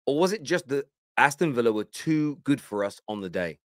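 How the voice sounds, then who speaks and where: A man's voice: medium pitch, very animated, brisk, no room sound, studio quality. A man hosting a football reaction show, amused and laughing often as he comments on clips. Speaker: host.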